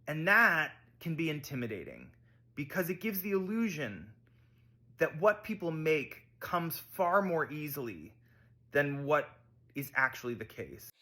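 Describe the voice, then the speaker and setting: A man giving thoughtful, measured spoken commentary. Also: fairly high pitch, big pitch swings, sharp tone.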